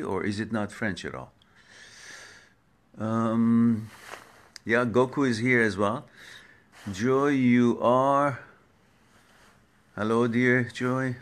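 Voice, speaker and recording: Slow-talking man hosting a live stream. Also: mid-range voice. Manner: slow, warm greetings of viewers by name, stumbling over names. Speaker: host of a live Q&A talk. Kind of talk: casual live-stream greetings. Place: home setup for a social media live stream.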